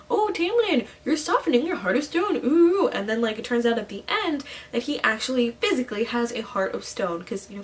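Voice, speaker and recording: A woman's voice: on the high side, a bit bright, distant mic, rough recording. Chatty young woman vlogger. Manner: chatty, full of "like" and playful asides. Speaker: book vlogger. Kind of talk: casual book talk.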